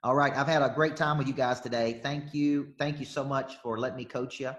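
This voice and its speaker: A man's voice: mid-range voice, steady tone, fairly quick, a bit bright. Man, sales coach, webinar talk, emphatic, repeats himself. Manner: emphatic, repetitive, answers questions directly.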